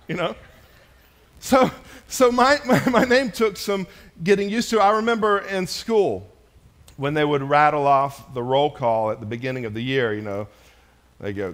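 A man's voice: high voice, moderate pace, a bit bright. A middle-aged man preaching a sermon in a casual, joking way, speaking directly to his congregation. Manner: conversational and joking, addressing a congregation. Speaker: pastor.

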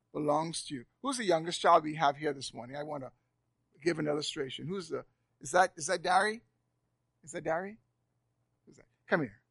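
A high-pitched man preaches a sermon to his congregation, dropping to near-whispers and then rising loud again. He repeats phrases for emphasis. The recording is close and dry. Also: vocal fry, dry recording. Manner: preaching with strong swings in loudness, repeating words for emphasis. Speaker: pastor. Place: church sanctuary, live congregation.

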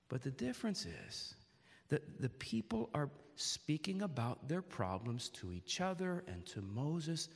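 Earnest preacher in a reverberant hall. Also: male voice, a little high, big pitch swings, a little slow, gravelly. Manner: earnest, with many restarts and direct questions to the congregation. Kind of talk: sermon.

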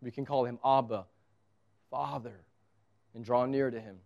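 A man's voice: mid-range voice, fairly even intonation, normal speed, creaky, a little mellow, muffled recording. A man preaching a sermon as pastor, conversational and emphatic, with touches of humor.

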